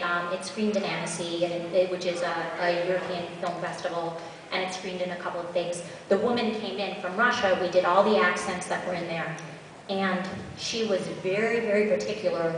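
In a large, echoey convention hall, a woman with a lowish voice responds to audience questions as a voice actor on a panel. She's chatty and practical with asides, heard from far away with slight background noise.

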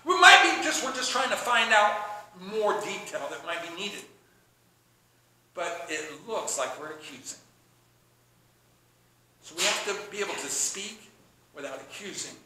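A man preaching a sermon in an animated, excitable way, often acting out both sides of a conversation. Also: high-pitched, unhurried, long pauses, heavy reverb, background noise. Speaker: pastor.

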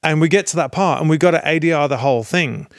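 Gravelly British man telling stories. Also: fairly high pitch, fast talker, no echo, clean studio sound. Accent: British English. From Britain. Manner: animated storyteller, laughs often. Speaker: actor guest. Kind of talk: casual anecdote telling.

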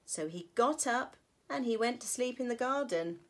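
A woman teacher reading a picture book aloud to children, with slow, expressive storytelling. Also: fairly high pitch.

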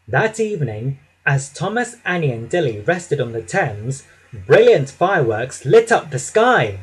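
A man reading a children's picture book aloud in an expressive, lively way. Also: on the high side, unhurried, breathy edge, poor audio. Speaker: storybook narrator.

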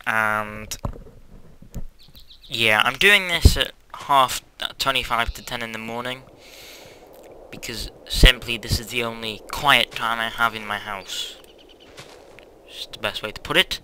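A man's voice: medium pitch, unhurried, sharp tone, slight background noise, low-quality recording. A young man rambling through a Let's Play at home, hyperactive and self-mocking, with sudden squeals and whispered asides. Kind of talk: casual gameplay commentary. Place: quiet house at home.

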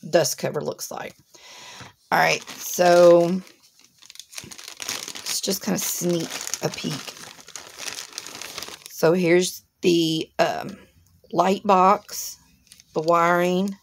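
A woman's voice: lowish voice, creaky, a little hiss or hum. A woman, hosting a crafting channel and chatting casually through an unboxing to her viewers. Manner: chatty, instructive, addresses viewers directly.

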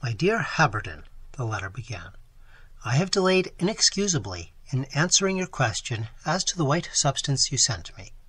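A man reading a gothic novel aloud in a dramatic, expressive style, his voice strained from long sessions. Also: mid-range voice, normal speed, husky. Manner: dramatic, animated storytelling. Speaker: audiobook narrator.

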